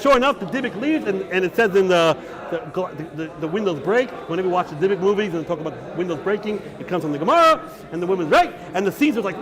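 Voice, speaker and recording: High-voiced rabbi telling a story. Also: male voice, quick pace. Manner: animated, conversational, uses Hebrew and Yiddish terms. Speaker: rabbi teaching. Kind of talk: animated storytelling lesson. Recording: class recording with listening crowd.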